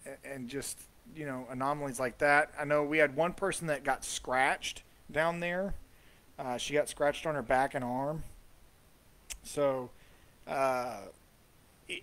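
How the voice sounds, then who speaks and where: A man's voice: mid-range voice, a bit bright. A man hosting a casual live commentary over ghost-hunt footage, chatty and trailing off with fillers. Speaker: host.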